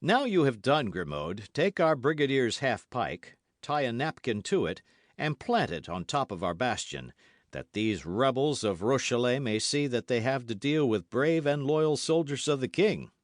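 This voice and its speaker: An unflappable aristocratic swordsman speaks in a calm, stately way with dry irony, as a male narrator puts him on. His delivery moves through a lively range of pitch. The recording is close and dry, as in a storybook reading. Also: unhurried, no room sound. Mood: calm, ironic.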